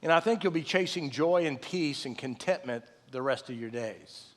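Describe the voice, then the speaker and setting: A middle-aged man preaching a sermon with conversational storytelling, swinging from loud excited retelling to soft low tones. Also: normal speed. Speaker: pastor. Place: church sanctuary. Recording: long reverb of a large hall.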